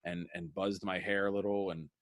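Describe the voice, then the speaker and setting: A man's voice: low voice, little pitch movement, normal speed, crowd noise. A man in his thirties, a comedian guest, telling rambling stories in a casual interview and acting out the people he quotes. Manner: rambling storyteller, acts out quoted voices.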